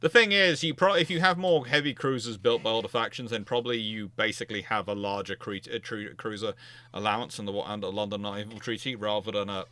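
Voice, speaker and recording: A man's voice: on the low side, steady tone, fast talker, sharp tone. A man hosting a naval history livestream, answering viewer questions in a chatty, emphatic way, thinking aloud with frequent restarts. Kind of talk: casual livestream Q&A.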